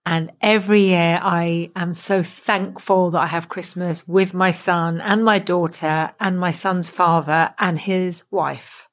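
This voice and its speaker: A woman comedian, a bit tipsy, giving a reflective and heartfelt recorded message with warm laughs. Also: lowish voice.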